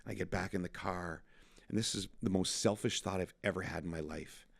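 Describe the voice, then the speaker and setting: A middle-aged man with a very low, gravelly voice, a podcast guest telling animated stories in casual chat. He laughs at his own tales. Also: fairly quick. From Canada. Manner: animated anecdote teller, laughs at himself. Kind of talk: casual storytelling.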